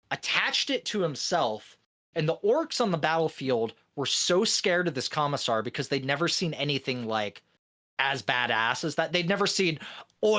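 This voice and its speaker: Animated, higher-voiced man telling a story. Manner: animated storytelling, swears freely, laughs often. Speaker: podcast co-host. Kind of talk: casual podcast chat.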